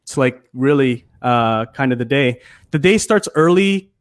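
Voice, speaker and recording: A man's voice: mid-range voice, expressive, a little slow. A man from Canada, a guest on a talk show, talking in a loose, chatty way with lots of fillers. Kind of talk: casual interview chat.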